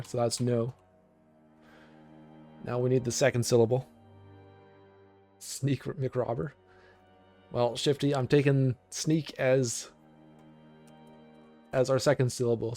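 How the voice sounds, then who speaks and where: A man streaming a video game, chatting casually with his viewers as he picks options. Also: medium pitch. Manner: relaxed, chatty, talks to chat while picking options. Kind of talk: casual game livestream commentary.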